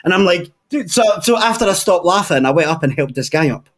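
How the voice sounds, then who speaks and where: A man's voice: high voice, animated, quick pace, fairly bright tone. A young Scottish man telling crude stories in a casual chat, swearing freely and laughing often. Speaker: podcast regular.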